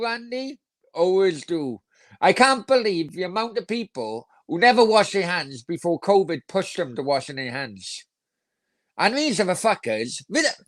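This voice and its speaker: A man's voice: high voice, no echo. A man hosting a casual football live stream, rambling crudely, swearing freely and reading viewer comments aloud. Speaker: football channel host.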